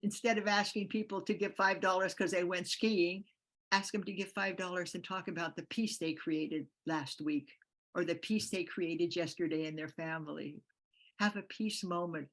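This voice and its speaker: A woman's voice: on the low side, fairly even intonation, moderate pace. An older woman giving a motivational speech, telling stories with passion and acting out the voices of the people in them. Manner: passionate storytelling, acts out quoted voices. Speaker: guest speaker on peace.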